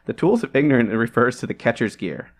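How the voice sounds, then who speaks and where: A man co-hosting a casual podcast, talking at an ordinary middle pitch. He rambles through his points, restarting sentences and laughing as he goes. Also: lively intonation, fast. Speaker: podcast co-host. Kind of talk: casual chat.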